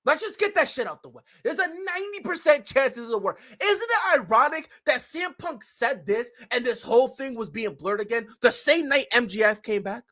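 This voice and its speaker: Male podcast host, heated profane ranter, animated delivery, sharp bright tone. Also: very high voice, a little fast, hardly any pauses. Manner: profane, heated and opinionated, with frequent swearing. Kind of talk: casual ranting commentary.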